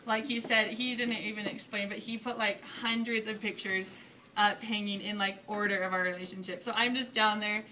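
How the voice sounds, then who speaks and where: A young woman telling a story casually to an audience, bubbly and animated, laughing often. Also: medium pitch, normal speed, distant mic, a little hiss or hum. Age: young adult. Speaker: newly engaged college student.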